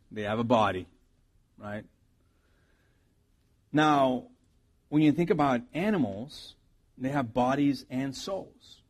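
Animated male pastor preaching a sermon. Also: on the high side. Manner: animated storytelling with big swings in loudness.

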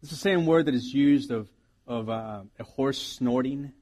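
A man's voice: mid-range voice, a little slow, darkish tone. A man preaching a sermon as pastor, earnest and reflective, often restarting his sentences.

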